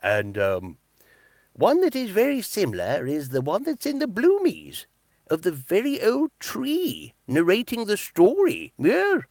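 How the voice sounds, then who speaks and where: A man doing a slow, jolly old Father Christmas. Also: high voice, huge pitch swings, creaky, darkish tone, dry recording, clean studio sound, pitched above the performer's own voice, full character voice.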